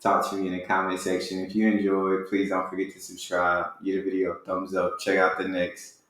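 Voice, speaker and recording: A man from the United States chats casually as a reaction host, relaxed and slangy. His voice sits slightly low. A strong, roomy echo surrounds every word. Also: a little fast. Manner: laid-back, chatty, uses slang. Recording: very echoey room.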